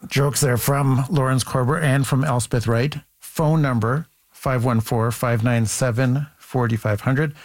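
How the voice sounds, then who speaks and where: A man's voice: mid-range voice, darkish tone, dry recording. A man hosting a call-in radio show, taking callers and reading out the phone number.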